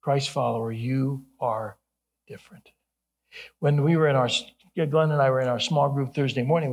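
A middle-aged man from Ohio, a pastor preaching an earnest sermon with humorous asides. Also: medium pitch. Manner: earnest, then playfully animated with jokes.

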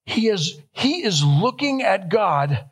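A man's voice: high-pitched, sing-song, takes it slowly, breathy edge. A young man preaching a sermon, stressing key phrases and repeating them, rising with feeling on quoted questions. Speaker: pastor.

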